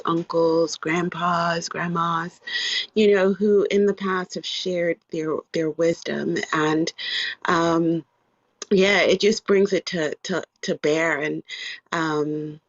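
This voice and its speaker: A woman hosts an online discussion, speaking slowly and reflectively with a low, gravelly, breathy voice. She hedges with fillers as she thinks, and the sound is dull and dry. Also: no echo. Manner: slow, warm, reflective with many fillers. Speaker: host. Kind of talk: moderating an online audio room.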